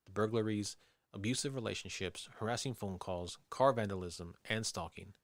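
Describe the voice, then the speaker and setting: A man's voice: on the low side, fairly bright tone, no echo, studio quality. A man co-hosting a podcast, reading a scripted true-crime account and chatting with his co-host. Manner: reads narration steadily, laughs easily in banter.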